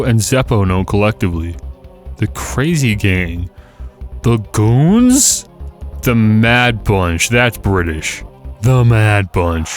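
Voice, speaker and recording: A lowish-voiced man commenting as he plays a quiz game. He is sarcastic and exasperated, cracking jokes at every question. Faint music plays under his voice. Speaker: gaming YouTuber. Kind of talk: casual gameplay commentary.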